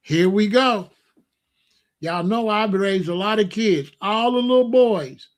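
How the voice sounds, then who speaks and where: A middle-aged man, telling folksy stories at a casual, animated pace as the host of an online show, with loud exclamations. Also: high-pitched, slow pace. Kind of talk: casual storytelling monologue.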